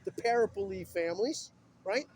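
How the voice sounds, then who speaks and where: A man's voice: high-pitched, expressive, normal speed, slight background noise. A man talking in an agitated, urgent and rambling way while filming himself on his phone outdoors beside a busy road. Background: passing vehicles.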